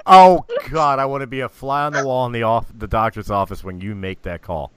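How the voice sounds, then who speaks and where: A man hosting a comedy podcast, boisterous and profane, laughing loudly. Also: mid-range voice, a little fast, clean tone. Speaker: podcast host. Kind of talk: crude comedy banter.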